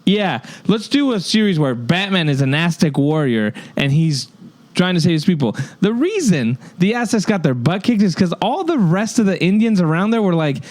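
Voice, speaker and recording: A man's voice: high voice, big pitch swings, normal speed, a little mellow. A man from Mexico co-hosting a podcast, talking bluntly and ranting in casual chat on a close mic. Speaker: podcast co-host.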